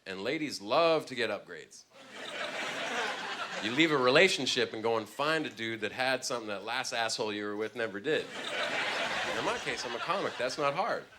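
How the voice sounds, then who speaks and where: A man doing a stand-up routine on a club stage, telling a story with swings from low mumbles to loud bursts. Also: noisy background. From Canada. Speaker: stand-up comedian. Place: comedy club stage with laughing audience.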